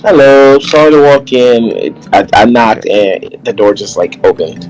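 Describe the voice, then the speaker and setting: A man voicing a friendly young man who talks gently and soothingly. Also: medium pitch, expressive, measured pace, close to an everyday voice, low-quality recording.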